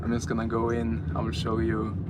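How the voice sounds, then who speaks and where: A lowish, monotone voice moves fairly quickly as the man jokes with live-stream viewers while driving and later shopping in a large grocery store. He records on a phone held in hand, and the background is noisy.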